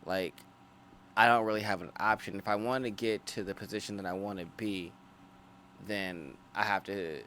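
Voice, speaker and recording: A man co-hosting a podcast, talking through his views in a measured way with many restarts. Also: on the low side, fairly even intonation, sharp tone, slight background noise. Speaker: podcast co-host. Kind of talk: casual podcast chat.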